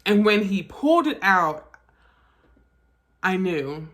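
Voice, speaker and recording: Animated, cursing woman telling a story. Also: medium pitch, slow. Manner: animated, profane, emphatic retelling. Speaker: vlogger. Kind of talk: casual storytime narration.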